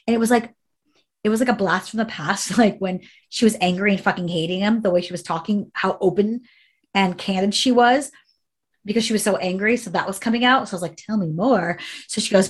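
A woman co-hosting a podcast tells a story casually and with animation, acting out quoted speech and swearing freely. Her voice is medium-pitched and fairly quick.

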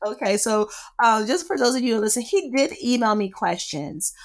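A woman entrepreneur chatting as a podcast guest, animated and quick to laugh while telling stories. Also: fairly high pitch, crowd noise. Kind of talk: casual conversation.

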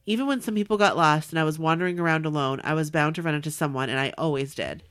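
A woman podcast host in casual chat, reading a listener's letter aloud with animated warmth. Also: sits low, fast talker. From Southern California. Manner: warm, animated reading with laughs.

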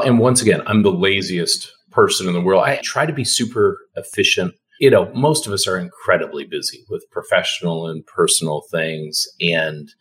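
A man, a dentist, talking calmly and soothingly as a guest in a casual podcast conversation. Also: low-pitched. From Canada. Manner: calm, soothing, unhurried.

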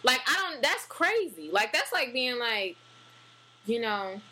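A woman chatting casually, animated and full of fillers and restarts. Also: a little high, measured pace, slightly rough, poor audio. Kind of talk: casual chat.

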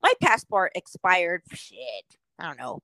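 A woman's voice: lowish voice, huge pitch swings, a little slow, pushed and bright, no room sound. A woman from Southern California co-hosting a podcast, speaking bluntly and with lots of swearing in casual chat. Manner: profane, blunt, laughs along. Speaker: podcast co-host.

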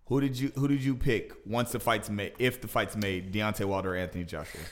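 A man co-hosting a casual boxing podcast, talking in an animated way and getting louder as he argues his point. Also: brisk. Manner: animated, heats up and rises in pitch when arguing. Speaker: podcast co-host.

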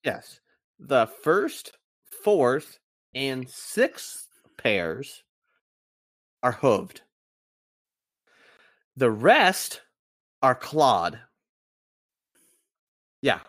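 A man's voice: medium pitch, very animated, extremely slow, long pauses, fairly bright tone. A man co-hosting a podcast, chatty and a little hesitant as he retells odd facts. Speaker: podcast co-host. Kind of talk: casual podcast storytelling.

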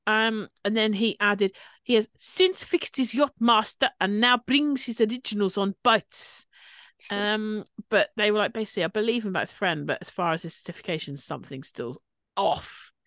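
A woman co-hosts a podcast, casually recapping reality TV and performing quotes from the shows. Her mid-range voice is fairly bright and moves at normal speed, recorded cleanly in a studio with no echo.

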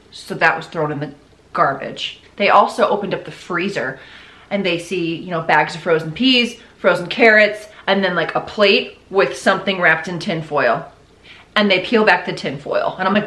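A woman's voice: medium pitch, fairly bright tone. Casual, profane woman in an echoey room. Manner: blunt and profane, with incredulous asides. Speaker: podcast host. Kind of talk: casual true-crime storytelling.

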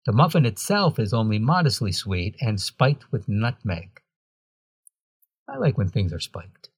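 Male host, husky voice, scripted read with wry deadpan asides, dry booth sound. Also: fairly low pitch, a little slow, no room sound. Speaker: podcast host.

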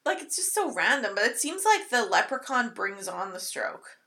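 A woman's voice: fairly high pitch, sing-song, moderate pace, pushed and bright. A woman co-hosting a casual movie review podcast, wry and joking. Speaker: podcast co-host.

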